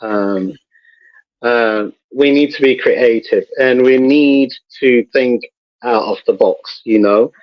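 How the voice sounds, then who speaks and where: A man guest in a casual conversation, talking in a measured, thoughtful way and repeating words as he searches for them. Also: mid-range voice, no room sound, lo-fi sound. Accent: noted accent, admired by host.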